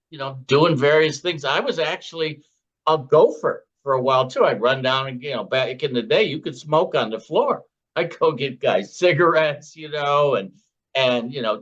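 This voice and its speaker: In a casual interview, a sixty-something ex-floor trader from Chicago spins chatty anecdotes, acting out quoted lines from himself and others. His voice is mid-range with a fairly bright tone, though the audio sounds dull.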